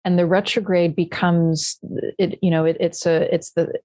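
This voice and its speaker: Low, mellow woman musing thoughtfully. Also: little pitch movement, no echo. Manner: thoughtful, halting, many restarts and fillers. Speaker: astrology podcast co-host. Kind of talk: casual reflective conversation.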